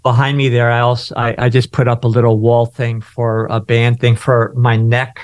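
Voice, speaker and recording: A man speaking as a guest on a talk radio show, explaining things in a measured way. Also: mid-range voice, little pitch movement, darkish tone, no room sound. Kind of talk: casual talk radio chat.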